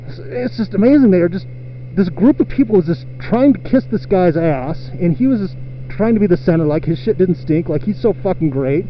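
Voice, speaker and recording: A high-voiced man rants and swears in an exasperated vlog while riding his motorcycle outdoors. The audio is dull and lo-fi, with faint road noise behind him. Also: lively intonation, fairly quick. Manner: profane, exasperated venting. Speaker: motorcycle vlogger.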